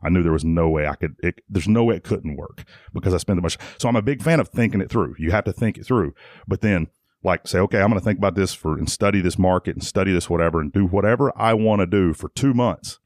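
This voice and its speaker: A middle-aged man talks in a low, deep voice. He tells stories casually and rambles, restarting his sentences and leaning on "like." The sound is dry and close. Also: fast talker, darkish tone, no room sound. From Tennessee. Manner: rambling, frequent restarts and "like" fillers. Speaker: guest, jiu-jitsu academy owner. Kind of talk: casual conversational storytelling.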